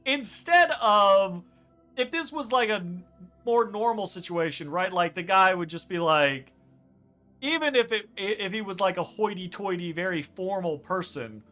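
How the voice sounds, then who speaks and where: A woman co-hosting a let's play, chatting casually with emphatic, animated delivery and some swearing. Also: mid-range voice, moderate pace, soft background music. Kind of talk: casual chat over gameplay.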